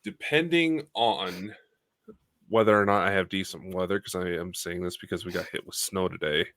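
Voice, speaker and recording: A man co-hosts a podcast in a relaxed, conversational style. His voice sits very low yet rings bright and forward, and the recording is dry and close. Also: moderate pace, no echo. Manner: easygoing, conversational, plugs friends' channels. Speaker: podcast co-host. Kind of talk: casual chat.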